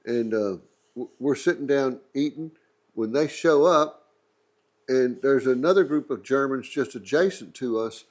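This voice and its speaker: Middle-aged texan guy rambling thru a funny travel story, easygoing, mid pitch. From Texas. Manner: rambling, joking anecdote with asides. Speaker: museum channel host. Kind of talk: casual storytelling.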